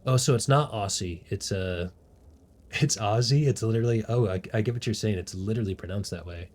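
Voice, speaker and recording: A man chatting casually over his gameplay, goofing around and laughing at himself. His voice is husky and on the low side, loose and rambling in delivery. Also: a little fast, a little mellow. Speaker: game streamer.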